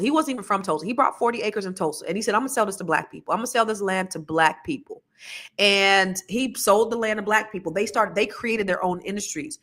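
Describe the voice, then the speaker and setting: A woman talking casually on a podcast, chatty and energetic, breaking into laughs and quick side notes. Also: mid-range voice. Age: adult with children. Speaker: podcast co-host.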